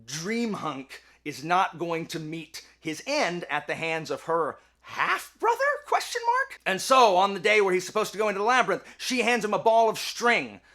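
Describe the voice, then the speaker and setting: A man's voice: high-pitched, animated, normal speed, few pauses, bright, forceful tone. A man retelling a myth in a chatty, jokey way, with lots of fillers. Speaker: host and storyteller.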